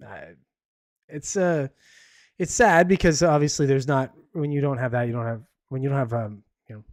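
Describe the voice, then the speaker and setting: A man's voice: mid-range voice, moderate pace, no echo, clean studio sound. A man hosting a podcast alone, chatting casually about the news in a rambling way, full of fillers and restarts. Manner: opinionated and chatty. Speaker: podcast host. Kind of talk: casual solo news chat.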